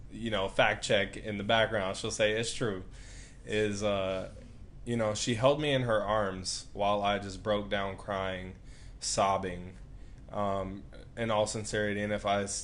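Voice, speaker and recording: A man's voice: on the low side, a little hiss or hum. A man who works as a physical therapist, telling a personal story earnestly and reflectively as a guest in a live interview.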